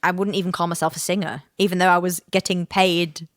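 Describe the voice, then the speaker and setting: A woman's voice: fairly low pitch, level tone, quick pace, no room sound, clean studio sound. A young woman telling her own painful story on a podcast, frank and self-deprecating, swearing casually. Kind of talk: candid personal storytelling.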